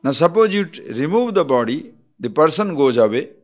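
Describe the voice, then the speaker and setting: This is a swami with an Indian accent, very animated and a little high in pitch. He discusses scripture in a spiritual discourse, explaining carefully and checking in through rhetorical questions.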